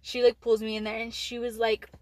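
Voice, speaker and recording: A woman's voice: fairly high pitch, completely flat delivery, brisk, a little mellow, poor audio. A teenage girl from Texas telling a school story in casual chat, rambling with lots of "like" and frequent swearing. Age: late teens. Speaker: podcast co-host.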